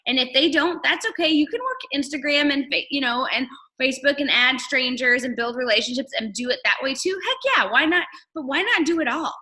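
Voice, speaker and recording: A woman leading a motivational team call over video, energetic and rallying, firing off rhetorical questions. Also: sits high, fairly quick, hardly any pauses. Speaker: network marketing leader.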